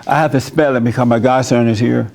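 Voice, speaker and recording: A pastor giving an informal church sermon, talking conversationally, laughing often and telling personal stories. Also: male voice, mid-range voice, fairly even intonation, fast, creaky, a little mellow.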